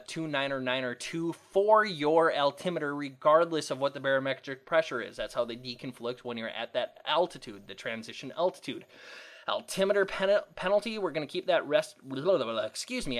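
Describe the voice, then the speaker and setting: Rambling man narrating a flight sim. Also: fairly high pitch. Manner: rambling, self-correcting, jokey asides. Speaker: let's play host. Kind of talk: casual flight sim commentary.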